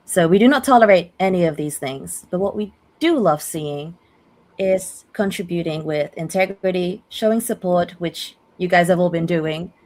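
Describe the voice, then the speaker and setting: Upbeat woman hosting a community call over video chat, bit low voice, laughs a lot. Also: normal speed, a little mellow. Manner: upbeat, laughs often, fillers. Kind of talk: casual livestream hosting.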